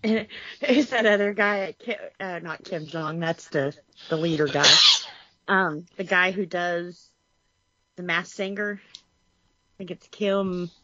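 Slow-talking Texan woman, giggly. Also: lowish voice, a bit bright, muffled recording, a little hiss or hum. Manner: laughs often, rambling. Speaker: podcast co-host. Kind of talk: casual chat.

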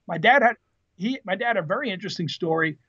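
A man in his fifties tells his stories in a lively, casual way, with plenty of fillers and laughs. His voice sits high for a man. The podcast audio is dull and lo-fi. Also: fast talker, slightly rough. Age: 50s. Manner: lively anecdotal storyteller, frequent fillers and laughs. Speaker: podcast guest, retired Marine officer. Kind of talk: casual interview storytelling.

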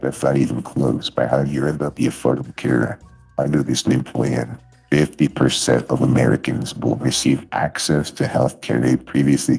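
An extremely deep, gravelly fork-faced creature, played by a man, rolling out smooth campaign-speech lines. The voice is thick with rasp and crackling fry, as if from a villain in a VR role-play. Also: a little mellow, heavily acted.

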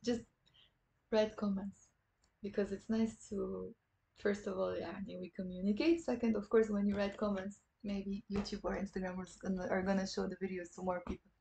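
A woman from Lebanon, a native speaker of Lebanese Arabic, teaching a live online lesson. She repeats words slowly and coaxes viewers to say them back. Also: medium pitch, flat delivery, vocal fry, dark tone, rough recording. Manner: patient, drills words aloud, coaxing viewers to repeat. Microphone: computer camera mic.

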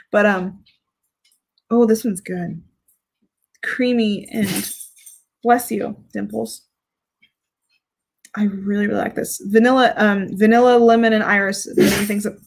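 A woman's voice: mid-range voice, creaky, slightly rough, low-quality recording. A woman chatting casually on a live stream as she reviews fragrances, giggling and reading out viewer comments. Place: home with dogs.

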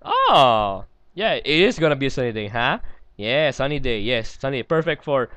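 A man giggling and rambling his way through casual gameplay commentary, chatting to himself as he plays. His voice sits at an ordinary middle pitch and sounds smooth and resonant. The recording is dry and close, with no room sound. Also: big pitch swings, normal speed, sharp tone, no echo. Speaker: let's play host.

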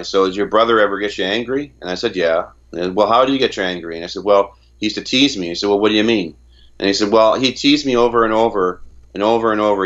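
A man's voice: low-pitched, a bit bright, dull audio. A man from Canada giving an interview in a casual way, often stumbling and repeating words as he retells conversations. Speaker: interview guest.

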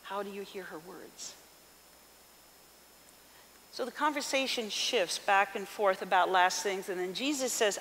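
A woman pastor reading scripture and preaching a sermon in an expressive voice, asking the congregation questions. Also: medium pitch, unhurried, pauses often. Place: church sanctuary. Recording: reverberant hall with faint hiss.

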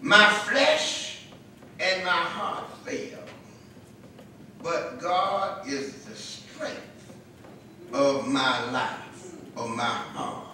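A man's voice: a little high, animated, drawn-out words, pauses often, bright, forceful tone, a little hiss or hum. A man, a pastor, preaching a sermon and leading the congregation in call-and-response. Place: church sanctuary. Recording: echoey church from a distance.

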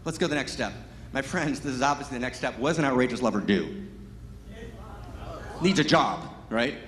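A man giving an impassioned spiritual talk at a Sunday service, emphatic, constantly asking "right?" and swinging between loud exclaims and hushed, intimate lines. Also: mid-range voice, animated, a little fast, slight background noise. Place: large hall at a live Sunday service. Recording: echoey hall with long reverb.

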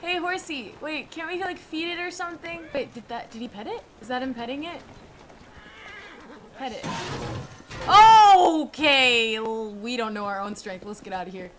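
A young woman streaming a video game, reacting excitably with squeals and shouts. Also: sits high, moderate pace, noisy background. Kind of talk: live game-stream commentary.

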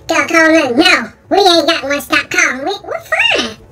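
The host voicing a fed-up store clerk in a curt, squeaky way. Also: huge pitch swings, normal speed, over music. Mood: annoyed.

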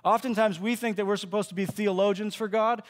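Pastor guy preaching, pretty high voice, big echoey church hall. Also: steady tone, a little fast. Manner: conversational preaching, acts out quoted speech. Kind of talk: sermon. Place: church auditorium.

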